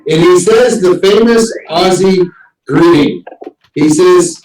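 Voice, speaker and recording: High-voiced man telling animated stories. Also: takes it slowly, a little hiss or hum. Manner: animated storyteller, shouts in quoted voices. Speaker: host. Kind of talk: casual group chat. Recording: distant mic in echoey room.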